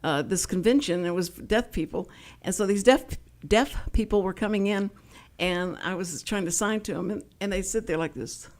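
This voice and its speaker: A woman's voice: medium pitch, normal speed. An older woman from Houston with a Texas accent, hosting a casual community radio talk show and telling stories in a chatty way. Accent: Texan. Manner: chatty storyteller, lively and animated.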